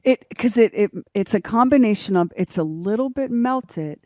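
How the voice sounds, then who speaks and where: A woman's voice: mid-range voice, moderate pace, no room sound, studio quality. A middle-aged woman from Philadelphia, a radio co-host telling vivid stories in casual chat. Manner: vivid, animated storyteller.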